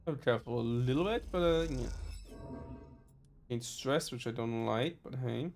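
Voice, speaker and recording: A man's voice: mid-range voice, darkish tone, soft background music. A man with a German accent reading game text aloud during a let's play, stumbling and correcting himself often. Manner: halting reading with frequent self-corrections. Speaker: streamer.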